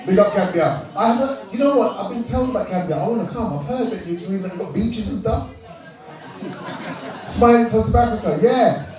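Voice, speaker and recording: A British man emceeing an awards night, joking and laughing with the crowd as he calls out to them. His voice sits a little high for a man. He is picked up on a handheld mic from some distance in a very echoey hall, with a lively crowd clearly audible behind him. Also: brisk, soft background music. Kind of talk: live crowd-work emcee banter. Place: large indoor event hall with a live crowd. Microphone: handheld microphone.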